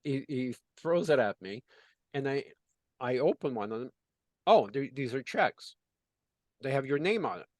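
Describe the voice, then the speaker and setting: A man's voice: medium pitch, lively intonation, moderate pace, pauses often, a little mellow, dry recording. A man working as a business consultant, telling a story in conversation and acting out the dialogue with lots of "you know" fillers.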